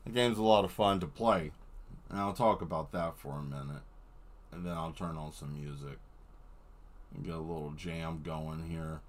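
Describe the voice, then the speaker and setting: A man chatting casually while he paints live on stream, rambling and playful, sometimes getting excited as he tells a story. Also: a bass voice, normal speed.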